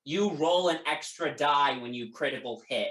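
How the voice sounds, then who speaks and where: A game master narrating a tabletop game in a relaxed way, with many ums. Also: medium pitch, normal speed. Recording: echoey room.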